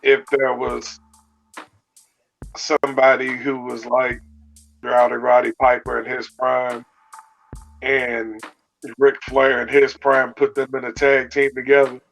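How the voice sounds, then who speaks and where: A man chatting casually on a stream, making slow, laid-back remarks. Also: medium pitch, monotone, vocal fry, fairly bright tone, soft background music, rough recording. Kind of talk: casual chat.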